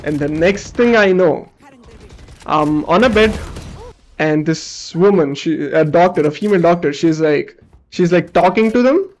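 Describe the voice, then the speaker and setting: High-voiced young man telling a story. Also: unhurried. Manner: animated, casual, swears, acts out quoted people. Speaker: streamer. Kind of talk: storytime told while gaming.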